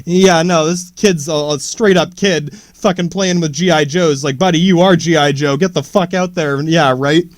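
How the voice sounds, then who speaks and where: A man's voice: on the high side, steady tone, moderate pace, few pauses, no echo, studio quality. A man hosting a podcast, ranting sarcastically and rambling with heavy swearing. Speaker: podcast host. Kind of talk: casual profane rant.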